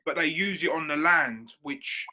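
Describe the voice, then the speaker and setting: A man's voice: fairly high pitch, a little slow, background noise. A man, co-hosting a podcast and explaining a point step by step with examples in a casual chat. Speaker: podcast co-host.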